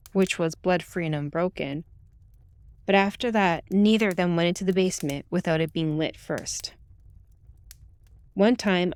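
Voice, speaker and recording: A woman reading a true ghost story aloud in the first person, with calm, steady storytelling. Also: mid-range voice, smooth, dry recording. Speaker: narrator. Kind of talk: scripted ghost story narration.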